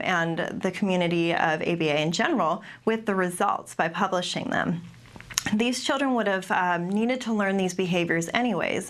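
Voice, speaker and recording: A young adult woman, a behavior analyst, gives a webinar talk and answers questions, with many pauses and restarts. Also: lowish voice, a bit bright. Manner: careful, with frequent ums and restarts. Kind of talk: webinar presentation with Q&A.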